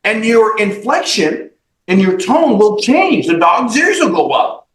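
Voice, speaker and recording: A man's voice: high voice, big pitch swings, unhurried, fairly bright tone, reverberant, low-quality recording. A man being interviewed as a company CEO on a podcast, giving emphatic, blunt motivational advice with some swearing. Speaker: guest, mortgage company CEO.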